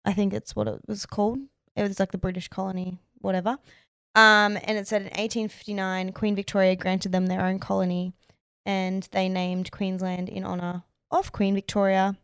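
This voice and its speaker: A woman chats through a podcast, reading facts aloud between fillers. Her voice is smooth and clear. The sound is close and dry. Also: mid-range voice, level tone, moderate pace, dry recording. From Australia. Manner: chatty, reads facts aloud, many fillers. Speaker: podcast co-host. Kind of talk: casual chat.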